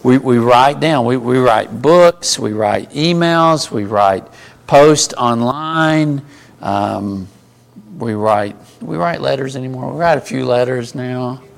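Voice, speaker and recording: A man leads a small Bible class in a relaxed, conversational style. His mid-range voice is gravelly and rough, and he keeps stopping to pose questions to the group.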